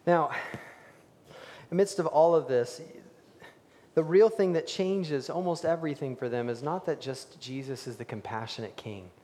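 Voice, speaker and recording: A male pastor delivers a sermon with animated energy, rising to loud emphasis and dropping to near-whispers. His voice sits a little high, and it rings out in a hall with a long reverb tail. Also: moderate pace.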